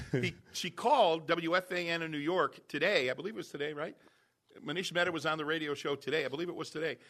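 A man hosting a sports talk show, chatty and quick to laugh as he sets up clips. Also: fairly high pitch, fairly bright tone.

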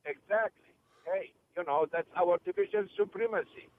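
A man's voice: high voice, moderate pace, a little hiss or hum. Man calling in over a tinny phone line. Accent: New York. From New York. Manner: rambling, chatty. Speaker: caller. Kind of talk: call-in radio chat.

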